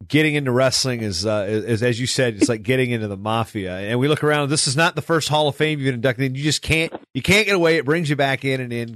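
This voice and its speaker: A man's voice: medium pitch, no room sound, studio quality. A man hosting a conversational interview, telling rambling stories in a chatty way. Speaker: podcast host.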